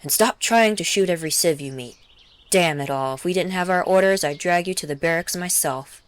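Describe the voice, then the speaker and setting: A woman voicing a huge, gruff male soldier who grumbles and barks orders. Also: high voice, fairly quick, a bit bright.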